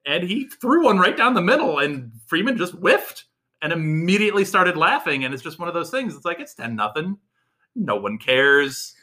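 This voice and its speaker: Podcast co-host, male, bright and crisp in tone, chatty and quick to laugh. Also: fairly high pitch. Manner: chatty, animated, laughs often. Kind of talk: casual sports chat.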